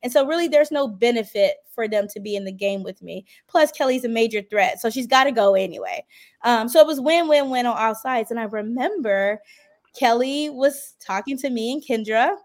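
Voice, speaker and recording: A woman on a casual podcast interview, telling her story with animated, emphatic delivery and acting out quoted conversations. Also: fairly high pitch, normal speed. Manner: emphatic, swings up sharply when excited. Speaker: reality show contestant guest.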